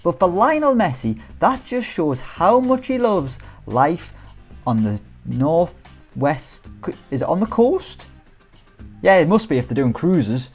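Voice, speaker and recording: A man's voice: a little high, very animated, slow pace, a little mellow, husky, faint music behind. A British man giving casual, jokey commentary on a football management game, with chatty self-teasing asides. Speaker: gaming YouTuber.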